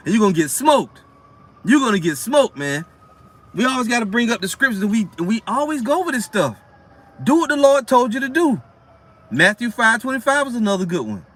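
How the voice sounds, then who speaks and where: A man's voice: high-pitched, sharp tone. A man teaching scripture informally, reading verses and lecturing bluntly with rhetorical questions and street slang. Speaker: street preacher.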